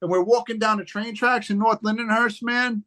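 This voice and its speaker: A man tells stories in relaxed, profane chat. He rambles and circles back, with plenty of fillers between his thoughts. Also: high voice, normal speed. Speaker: podcast guest, rapper. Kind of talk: casual chat.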